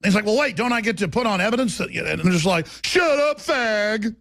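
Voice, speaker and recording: A man's voice: high-pitched, racing, vocal fry, fairly bright tone, no room sound, studio quality. A man hosting a talk radio show, delivering a combative, emphatic monologue.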